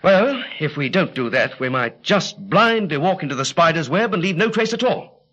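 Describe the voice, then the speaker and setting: A brisk gentleman special agent. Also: a little high, animated. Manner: clipped, breezy upper-class British banter. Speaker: lead character in radio drama. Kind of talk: 1940s radio acting. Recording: dull lo-fi vintage radio recording.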